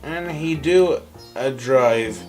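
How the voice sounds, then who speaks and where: A man reviewing toys in a casual ramble, tipsy and hiccuping after shots, sarcastic and excitable, jumping from yelps to mumbles. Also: mid-range voice, drawn-out words, soft background music. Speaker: toy reviewer.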